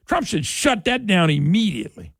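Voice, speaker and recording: A middle-aged talk radio host gives an opinionated political monologue in a high, creaky voice with no echo. He speaks with fiery emphasis, repeating his points and climbing sharply in pitch when he gets worked up.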